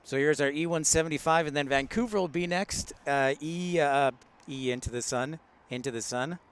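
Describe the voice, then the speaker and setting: A man's voice: on the high side, normal speed, smooth. A man hosting a casual live stream from outdoors at a large airport, chatting with viewers, greeting them by name and laughing often. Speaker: live-stream host, plane spotter.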